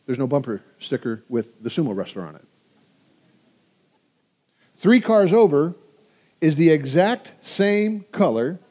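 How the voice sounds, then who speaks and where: A man's voice: a little high, sing-song, a little slow, pauses often, mellow. A man in his sixties preaching a sermon, telling stories energetically and engaging his audience. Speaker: pastor.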